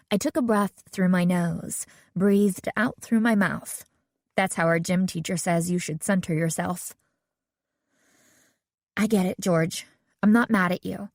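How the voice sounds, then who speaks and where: A woman reading a first-person teen mystery audiobook in a clear, even storytelling voice. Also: on the low side, no echo. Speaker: audiobook narrator. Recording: dry, close studio sound.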